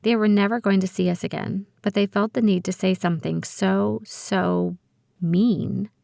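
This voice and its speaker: A woman's voice: medium pitch, fairly even intonation, moderate pace, creaky, dark tone, dry recording, studio quality. Woman narrating a teen thriller audiobook. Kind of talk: first-person scripted narration.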